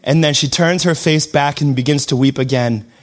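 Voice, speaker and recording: A young adult man preaching a sermon, switching between shouted declarations and quiet, joking asides. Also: a little high, normal speed. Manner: self-deprecating humor. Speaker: pastor.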